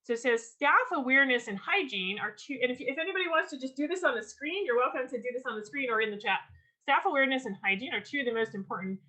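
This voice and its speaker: Bright, upbeat woman teaching a workshop. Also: sits high, fast, poor audio. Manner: lively, enthusiastic teaching with frequent ums and restarts. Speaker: workshop leader. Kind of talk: online writing workshop lecture. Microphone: video call.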